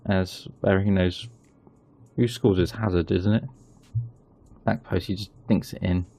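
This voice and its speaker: A man hosting his gaming channel, chatting casually through a football management game and getting excited at goals. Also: sits low, measured pace, vocal fry.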